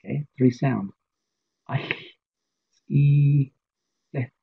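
A man whose first language is Navajo, teaching a casual, patient spoken lesson and repeating words slowly for learners. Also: on the low side, gravelly, breathy edge. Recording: tinny phone-like audio.

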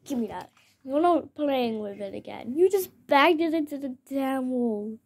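Child doing a bossy plush fox, scolding, high and lively voice, slow delivery. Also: a little hiss or hum. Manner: bossy, scolding, mock-threatening. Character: bossy, short-tempered toy fox in charge. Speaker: puppeteer voicing plush toys. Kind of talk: plush toy video acting.

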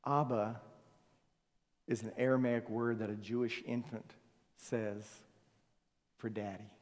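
A male pastor preaching a sermon, swinging from loud emphasis to soft, hushed phrases. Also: medium pitch, flat delivery, slow pace. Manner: swings from loud emphasis to near-whispered softness. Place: church sanctuary. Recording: long reverb of a church hall.

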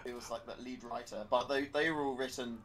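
A man's voice: mid-range voice, steady tone, fairly quick, a bit bright. A man chatting casually on a gaming stream, playful and laughing often.

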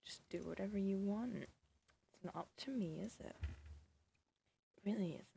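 A woman's voice: mid-range voice, unhurried, gravelly, dark tone, a little hiss or hum. A woman giving casual, sarcastic commentary over a life-sim game, scolding the characters and often dropping to a whisper. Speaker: gaming video creator.

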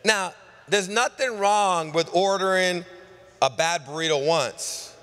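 A middle-aged man preaching a sermon as pastor, piling up lists and swinging between loud calls and hushed asides. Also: sits high, slow pace. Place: large church hall. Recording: live church sermon with long hall reverb.

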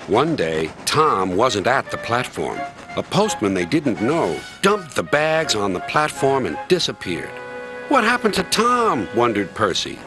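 A middle-aged man from the United States telling a children's story in a gentle, measured way. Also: fairly low pitch, sing-song. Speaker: narrator. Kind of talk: scripted storybook narration. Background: music.

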